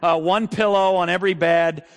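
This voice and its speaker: A man preaching a sermon in a church, chatting with the crowd through rhetorical questions and building to loud shouted peaks. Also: high voice, steady tone, moderate pace. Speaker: pastor. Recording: long reverb of a large hall.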